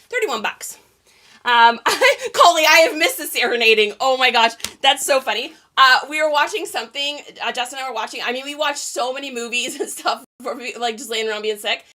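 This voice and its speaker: A woman hosts a casual live stream as she packs up sold items. Her voice sits a little high and rings bright and forward. She chats loosely and laughs often, drifting into side stories. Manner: chatty, laughs often, rambling asides. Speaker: reseller hosting a live stream. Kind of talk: casual live-stream chat while packing orders.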